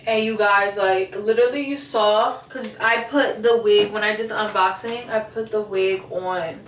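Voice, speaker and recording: A young female beauty vlogger chats casually with her viewers, calling them "you guys," while she styles her wig, and she's slangy and talkative throughout. Her voice sits at medium pitch with fairly even intonation and a normal speed. The mic is at a distance in a roomy, echoing space, with faint ambience and slight background noise.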